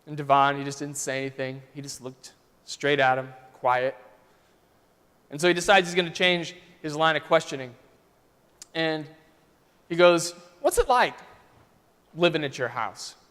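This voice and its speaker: A man's voice: fairly high pitch, level tone, moderate pace, pauses often, fairly bright tone, clear, resonant tone. A male pastor telling a story in a conversational, vivid sermon style, in a church sanctuary. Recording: long church reverb.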